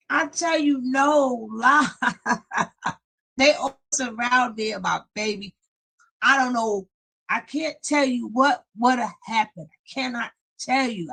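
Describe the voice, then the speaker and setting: Husky high-voiced woman reacting. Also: a bit bright. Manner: dramatic, exclamatory, drawn-out. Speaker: streamer reacting to a clip. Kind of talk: reaction commentary.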